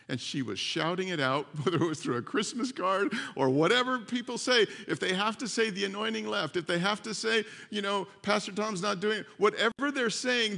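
A man preaching a sermon as pastor, animated and repeating his phrases, with frequent laughs. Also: high voice, creaky. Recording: long hall reverb.

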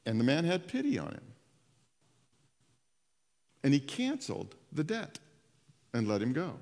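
Animated male pastor in a reverberant hall. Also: fairly high pitch, a little slow. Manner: conversational, animated storytelling with asides. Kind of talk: sermon.

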